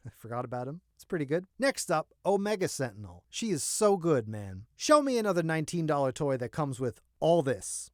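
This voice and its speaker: A hoarse man chats through a toy review with a fairly high, lively voice that swings up and down. He jokes with the viewer and stays upbeat though his throat sounds worn out. The sound is dry and close. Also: normal speed, no room sound. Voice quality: enthusiastic, jokey, talks to the viewer. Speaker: toy collector vlogger.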